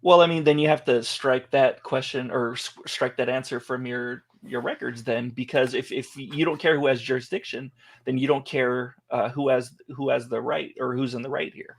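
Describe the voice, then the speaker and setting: A man's voice: mid-range voice, steady tone, moderate pace. A man co-hosting a casual podcast, jumping in with joking arguments. His voice sits in the middle range for a man. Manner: joking, interrupts with playful objections. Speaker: podcast co-host.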